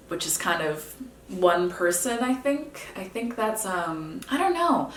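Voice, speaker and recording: A woman's voice: on the low side, a little slow, a little hiss or hum. Chatty young woman with a roomy sound. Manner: chatty, candid, drifts into soft musing. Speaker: singer-songwriter. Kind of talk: casual talk breaking down her own song. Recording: roomy, mic set at a distance.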